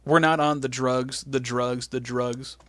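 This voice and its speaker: A man co-hosting a casual chat show, animated and acting out quotes in playful voices. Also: mid-range voice, measured pace, a crowd in the background. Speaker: podcast co-host recapping wrestling.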